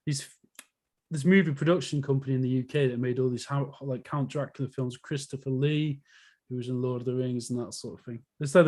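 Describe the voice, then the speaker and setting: A man's voice: medium pitch, darkish tone. A man from the UK chatting casually in a group video call, rambling and laughing often as he talks about his story. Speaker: author reading his story.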